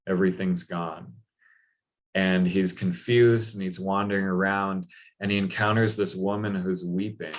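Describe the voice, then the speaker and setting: Deep-voiced man retelling a legend casually. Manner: conversational, many fillers and quoted asides. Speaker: speaker on mythology.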